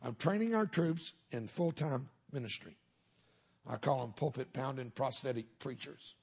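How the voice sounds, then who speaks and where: A man's voice: mid-range voice, normal speed, a little mellow, husky. A middle-aged man, a minister giving a humorous testimony sermon in a folksy storytelling way with punchlines.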